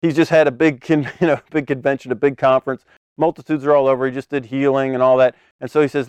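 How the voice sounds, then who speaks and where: A man preaching a conversational sermon, animated, acting out scenes with sudden loud bursts and laughing often between phrases. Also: medium pitch, quick pace, clean tone, no echo.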